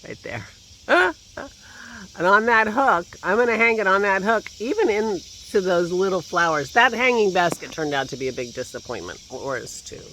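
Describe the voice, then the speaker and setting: Chatty man with a lively, bright voice. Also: high voice, moderate pace, slight background noise. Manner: rambling, chatty, laughs to himself. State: slight lingering cough. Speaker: vlogger. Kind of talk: casual chat. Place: outdoors in a garden. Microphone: phone held at arm's length.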